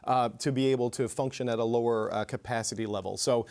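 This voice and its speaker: Tv politics host guy talking through the news live, mid pitch, lots of uh's and restarts. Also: steady tone, fast talker, a little mellow. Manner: thoughtful, frequent restarts and fillers. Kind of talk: live news analysis conversation.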